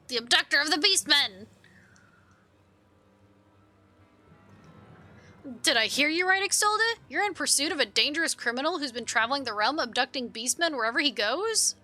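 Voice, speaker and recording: A woman's voice: high-pitched, pushed and bright, exaggerated voice. A woman voicing a talkative engineer who speaks in an upbeat, chatty way. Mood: alarmed. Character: cheerful engineer, keen and talkative.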